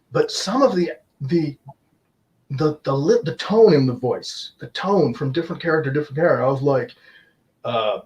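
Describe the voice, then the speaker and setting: A man hosting an online talk show from his office, joking and teasing in a sarcastic, self-deprecating way over a video call. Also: on the high side. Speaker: host. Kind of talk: casual interview chat. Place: home office.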